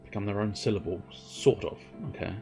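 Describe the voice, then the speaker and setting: Speaking a little fast in a steady, lowish voice, a young man offers laid-back commentary while streaming a game. He rambles to viewers, amused by his own remarks, and sometimes sings joking lines; game music is faint in the background.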